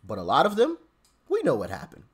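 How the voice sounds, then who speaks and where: A man's voice: mid-range voice, wildly swooping pitch, brisk, slightly rough. A man hosting a political commentary channel, ranting sarcastically and stammering as he repeats himself.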